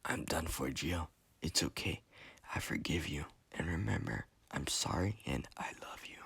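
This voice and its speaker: A man's voice: very deep voice, a little slow, fairly bright tone, heavily acted. A man whispering as a dying young man. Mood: fading. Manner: faint breathy whisper. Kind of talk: whispered role-play.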